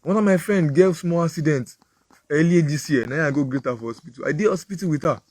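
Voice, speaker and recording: A man's voice: a little high, fast, a little mellow, no echo. A man with a Nigerian accent, a preacher giving a moral talk full of vivid, repetitive storytelling.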